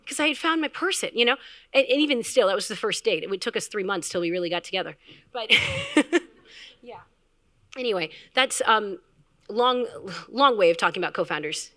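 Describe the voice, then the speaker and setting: A woman founder giving a candid, animated storytelling talk at a live event, acting out quotes with filler words. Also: mid-range voice, normal speed. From Canada. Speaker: health tech founder, speaker.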